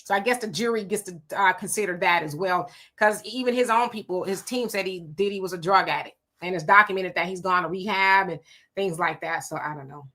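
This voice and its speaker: Her voice sits on the lower side and moves a little fast, sounding pushed and bright. As a livestream host, she reads comments from viewers and responds with casual chatter, firm opinions, and the occasional laughing aside.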